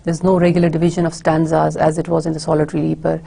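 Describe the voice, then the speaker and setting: A woman's voice: low voice, completely flat delivery, fast, vocal fry, warm tone, husky. A woman giving a recorded university literature lecture, explaining steadily with frequent filler words. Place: recording for an online course.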